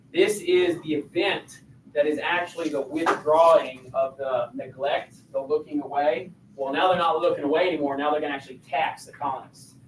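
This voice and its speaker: A man's voice: on the high side, slight background noise. A male teacher giving a casual classroom lecture and quizzing his students with questions. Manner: conversational, asks the class questions. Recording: echoey classroom, voice from a distance.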